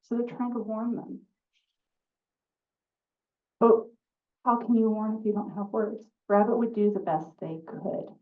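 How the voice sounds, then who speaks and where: A woman storyteller telling a folk tale at a live story slam, slow and deliberate with refrains. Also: fairly high pitch. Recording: distant phone-like sound.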